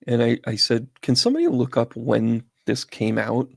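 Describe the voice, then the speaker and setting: A man's voice: medium pitch, sing-song, moderate pace, gravelly, slightly rough, dry recording. A man hosting a casual livestream, chatting with viewers by name and telling rambling stories while reading tarot on a close, sensitive microphone. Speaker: psychic medium host.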